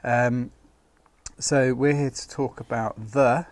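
A man's voice: medium pitch, steady tone, slow pace, no room sound. A man hosting a casual podcast, rambling with many fillers and laughing at himself. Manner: rambling, self-mocking, filler-heavy. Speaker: podcast host.

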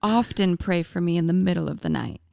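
Female co-host, lowish and gravelly, candid and playful in casual faith chat. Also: lively intonation, fairly quick, darkish tone, dry recording, studio quality. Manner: playful, laughs easily, candid. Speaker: podcast co-host, wife.

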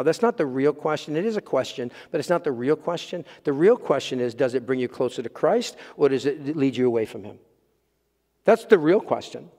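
A man preaching a sermon to a church congregation, emphatic, building to loud peaks and repeating phrases for weight. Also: medium pitch, big-room sound. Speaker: pastor. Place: church with live audience and live stream.

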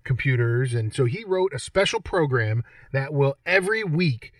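A man's voice: medium pitch, lively intonation, moderate pace, no room sound, clean studio sound, far from the mic. A man hosting a game show segment on a sports podcast, joking and reading quiz questions aloud. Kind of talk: casual podcast banter.

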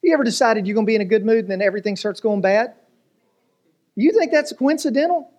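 This sermon comes very fast from a male pastor whose voice runs a little higher than most men's. He preaches in a lively storytelling style, joking and firing rhetorical questions at the crowd.

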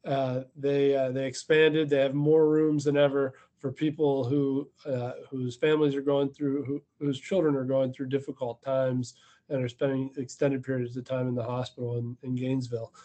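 A man's voice: medium pitch, flat delivery, warm tone. Man in a mid-range voice recounting a story. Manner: storytelling, with filler pauses. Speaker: nonprofit CEO, guest. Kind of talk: casual chat.

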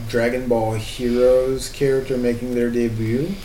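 A man's voice: medium pitch, little pitch movement, measured pace, mellow. A young man co-hosting a casual podcast, joking around and moving the talk along to the next topic. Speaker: podcast co-host. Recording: roomy sound with faint background noise.

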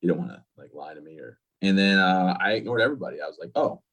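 Interview guest, male, 30s, veteran; quick, husky, very low voice, candid delivery. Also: expressive, fairly bright tone. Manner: candid, plain-spoken, quick storytelling. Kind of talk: personal story in interview.

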